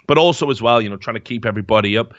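A podcast host with a low-ish voice tells rambling stories in rapid-fire casual chat, full of fillers and swearing. The mic sound is dry and slightly dull, with no echo.

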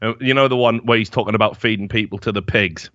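A man's voice: on the low side, fairly even intonation, quick pace, a bit bright, dry recording. A young man telling rambling, profane stories in a casual chat as podcast host. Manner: rambling, profane storytelling with many fillers. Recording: dull, dry lo-fi mic.

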